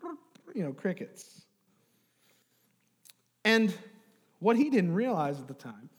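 High-voiced preacher in a reverberant hall. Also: male voice, slightly rough. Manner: storytelling preacher, swings between hushed asides and loud emphatic bursts. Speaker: pastor. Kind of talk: sermon. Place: church sanctuary. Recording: long reverb of a large hall.

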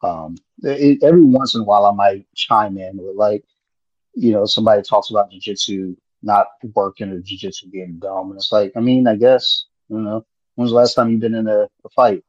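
A man's voice: on the low side, steady tone, normal speed, no room sound. A man in laid-back, rambling casual chat on a podcast, swearing freely. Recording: muffled lo-fi audio.

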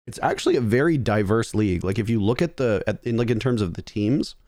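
Profane, animated man talking esports. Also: lowish voice, quick pace, no room sound, studio quality. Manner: animated, profane, acts out players' voices. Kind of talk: casual esports chat.

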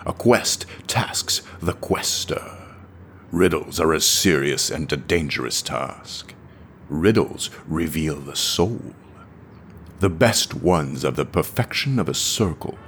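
A man voicing a stern male wolf in armor, speaking slowly and gravely. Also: rumbling low, fairly bright tone, slight background noise, heavily acted. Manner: slow, grave, lecturing delivery.

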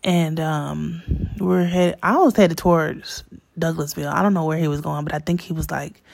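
A woman telling a candid personal story in a chatty way, full of fillers, sometimes dropping into hushed asides. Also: deep voice, steady tone, moderate pace, vocal fry, slight background noise.

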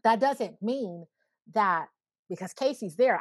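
A woman's voice: medium pitch, a little slow, dry recording. A woman in her thirties, a podcast guest, talking earnestly and reflectively in a casual conversation, often saying "you know". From Alabama, USA. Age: 30s.

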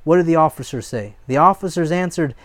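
A man's voice: a little high, a little fast, a bit bright, no room sound. A man preaching a sermon, reading scripture aloud, exhorting his listeners and breaking into short prayers.

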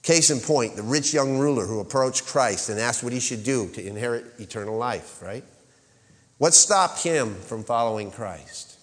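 A man's voice: mid-range voice, lively intonation, normal speed. Man preaching a sermon in a reverberant hall. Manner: rises to emphatic peaks, calls for congregation response. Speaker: pastor.

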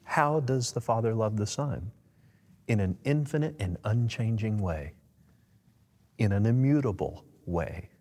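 Slow, husky-voiced man preaching with fervor. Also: lowish voice, expressive, darkish tone. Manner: emphatic, fervent, rises on key words. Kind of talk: preaching-style interview answer. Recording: long echo.

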